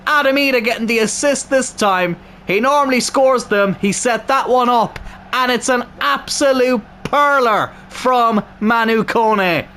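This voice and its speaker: A young man with a high voice and a slightly sore throat narrates his football video game. He calls the play calmly, then erupts into shouting and swearing when goals go in. A faint hiss of noise sits behind him. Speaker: gaming YouTuber. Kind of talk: excitable football game commentary.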